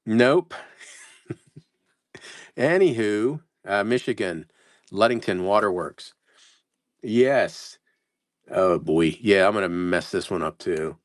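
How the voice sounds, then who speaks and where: Slow, low-voiced man selling postcards. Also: no room sound, clean studio sound. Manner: reads place names, stumbles over pronunciations, self-mocking. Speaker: live-stream postcard seller. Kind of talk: casual live sales stream.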